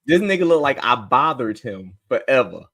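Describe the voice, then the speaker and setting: A man co-hosting a podcast in lively, joking casual chat. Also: mid-range voice, moderate pace, dry recording. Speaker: podcast co-host.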